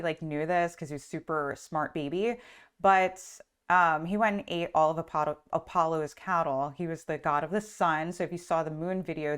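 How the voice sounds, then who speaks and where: A woman with a slightly low voice teaches astrology through a retold myth. She talks in a chatty, rambling way, full of fillers and asides. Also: smooth. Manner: chatty, lots of "like" and "um". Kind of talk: casual storytelling lesson.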